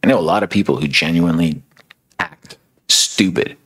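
A man's voice: deep voice, racing, a little hiss or hum. A male preacher retelling a story in a sermon, conversational and dramatic, with casual fillers.

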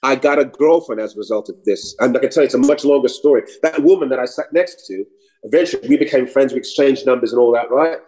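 A man from New York, an actor and comedian, telling anecdotes in an animated way, switching voices and swearing casually. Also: medium pitch, quick pace, rough recording. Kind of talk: anecdotal storytelling.

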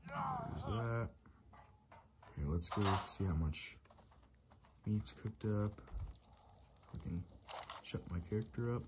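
Slow-talking Irish man narrating his gameplay. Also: on the low side. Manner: mutters running instructions to himself while building. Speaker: let's play gamer. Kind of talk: casual gameplay commentary. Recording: steady background noise with keyboard clicks.

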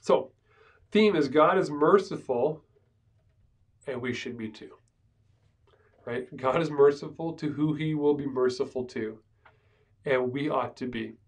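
A man's voice: medium pitch, unhurried, pauses often. A man, a pastor, teaching a Bible survey class in a conversational way, often checking in with "right?". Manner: conversational, with frequent "right?" asides and restarts. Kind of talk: casual classroom lecture. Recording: speaker far from the mic.

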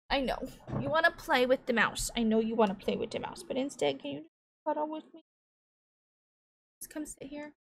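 A woman's voice: mid-range voice, a little hiss or hum. A woman giving casual gameplay commentary at home into a desk microphone, chatting as she thinks aloud and cooing to her cat. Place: home room at a computer.

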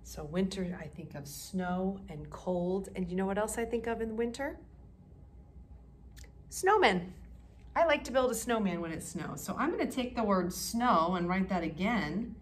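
A woman teaching a kindergarten music class, talking slowly and clearly to small children and encouraging them to join in. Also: medium pitch, a little hiss or hum.

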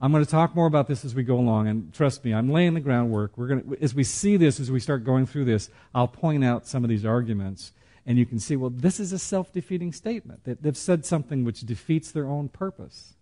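A man teaching a church study class in a conversational way, with joking asides and slow, emphatic pauses. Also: mid-range voice, warm tone.

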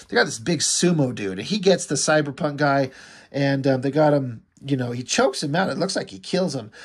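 Husky, laid-back comic book reviewer man. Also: a little high. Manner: laid-back, rambling, paraphrases characters in a loose voice. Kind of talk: casual comic recap.

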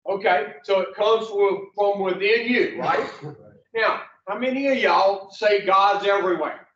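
Man, unpolished motivational speaker, talks slowly and bluntly, swears, recording is dull and lo-fi. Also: sits high, fairly bright tone. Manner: blunt and preachy, asks the room questions, swears. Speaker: speaker addressing rehab patients. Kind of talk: motivational talk to a group. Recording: echoey, distant, dull lo-fi sound.

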